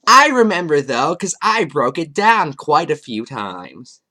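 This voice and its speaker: A man hosting a commentary video, talking in a sarcastic, mocking way. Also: unhurried. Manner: sarcastic, mocking, with lively swings in pitch. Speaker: commentary YouTuber.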